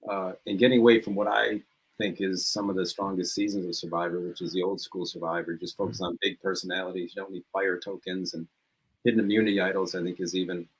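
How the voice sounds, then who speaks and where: Man, deep voice, husky, animated storyteller, casual podcast guest. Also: quick pace, poor audio. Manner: animated anecdotes, laughs often. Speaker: podcast guest, former reality show contestant.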